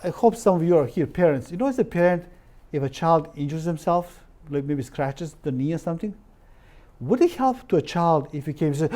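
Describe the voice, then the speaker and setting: A man giving an informal lecture as a naturopathic doctor, halting with many fillers and restarts, often turning to the audience with rhetorical questions. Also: on the high side, expressive, dark tone.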